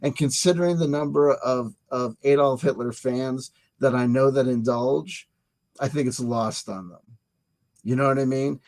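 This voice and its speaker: Speaking at normal speed with a medium pitch and a slightly mellow quality, a channel host rambles over dates and history. He goes off on tangents, jokes, talks back to himself, and stumbles and repeats himself.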